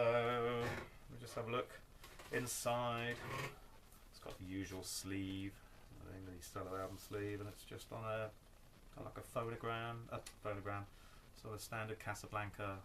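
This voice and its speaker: A man's voice: fairly low pitch, a bit bright, a little hiss or hum. A man showing his record collection in a casual vlog, rambling with wry asides and tagging his points with "okay?". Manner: rambling, tags lines with "okay?"; wry, self-deprecating asides. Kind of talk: casual show-and-tell vlog.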